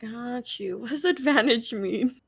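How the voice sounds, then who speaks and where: A woman's voice: on the high side, measured pace, husky, no room sound. A woman playing a tabletop game, giggly and playful. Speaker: player.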